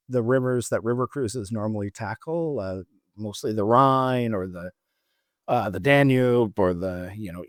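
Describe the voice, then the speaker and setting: A man's voice: mid-range voice, no echo. Middle-aged guy chatting about trips, rambly, keeps restarting, dry close sound. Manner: rambling anecdotal storytelling with many restarts. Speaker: travel podcast co-host. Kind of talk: casual chat.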